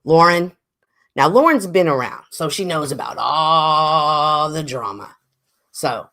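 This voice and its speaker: Chatty, animated woman livestream host. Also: low-pitched, slow pace. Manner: animated, chatty, swings from loud exclaims to murmurs. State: a little stuffy. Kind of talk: casual livestream chat, reading chat comments.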